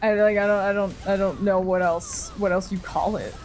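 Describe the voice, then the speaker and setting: A Canadian woman streams a game while chatting casually, rambling, swearing freely and laughing often. Her mid-range, slightly mellow voice has fairly even intonation and normal speed, with slight background noise.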